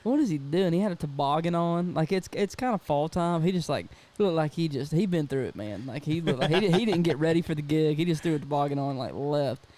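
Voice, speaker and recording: A man's voice: on the high side, a little fast, hardly any pauses, darkish tone. A young man co-hosting a podcast, telling a story in casual slang and acting out the voices of the people he quotes. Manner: slangy, says "dude" a lot. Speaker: podcast co-host.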